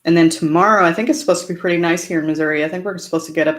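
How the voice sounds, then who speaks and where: A woman's voice: fairly low pitch, fairly even intonation, racing. A chatty woman from Southern California hosting a casual live stream, answering viewer comments with frequent fillers and laughter. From Orange County, California.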